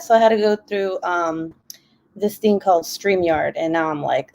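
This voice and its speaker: A woman's voice: on the low side, steady tone, moderate pace, darkish tone. A woman hosting a casual craft livestream, chatty and laughing often.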